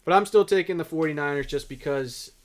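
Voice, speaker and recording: A man's voice: a little high, brisk. A man co-hosting a casual sports picks chat, steering the segment and stating firm opinions. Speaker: podcast co-host running the picks.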